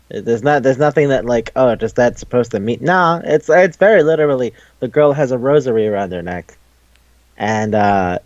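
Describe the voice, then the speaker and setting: A man co-hosting a casual chat show, talking quickly, swearing and acting out characters in high squeaky voices. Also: a little mellow, no room sound, lo-fi sound. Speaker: podcast co-host.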